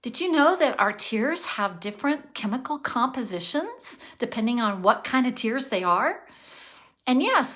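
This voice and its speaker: Slow, bright-voiced woman vlogging. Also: high-pitched. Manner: earnest, passionate, thinking aloud with sighs and laughs. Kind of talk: casual vlog monologue.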